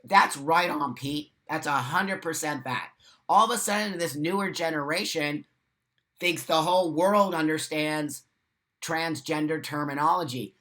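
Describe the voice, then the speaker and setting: Reading viewer comments on his live morning chat, an American livestream host responds with blunt, profane rants. He speaks at a measured pace in a slightly high voice with a fairly bright tone.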